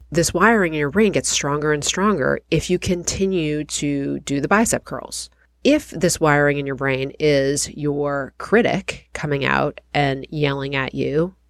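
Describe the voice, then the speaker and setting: A woman in her forties with a low, nasal voice, talking candidly to her podcast listeners. She tells stories in a chatty, self-reflective way. The sound is dry and close, with no room around it. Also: no echo. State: nasal from a cold, getting over illness. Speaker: podcast host. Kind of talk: casual storytelling podcast.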